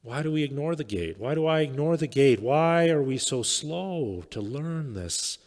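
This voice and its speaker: A man preaching a sermon as pastor, speaking reflectively, often letting phrases fade quietly. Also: fairly high pitch, lively intonation, moderate pace. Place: church sanctuary. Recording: long church reverb.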